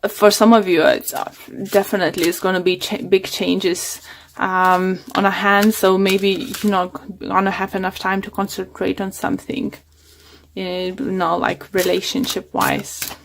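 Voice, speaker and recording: A woman's voice: medium pitch, flat delivery, a little slow, vocal fry, slight background noise. Woman tarot reader losing her voice. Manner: hesitant, many fillers and restarts. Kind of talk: casual tarot reading monologue.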